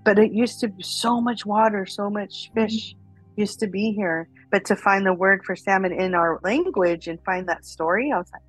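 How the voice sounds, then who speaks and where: A woman telling a traditional story in a casual, animated way, full of fillers. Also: mid-range voice, no room sound, poor audio. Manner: animated, chatty, many fillers.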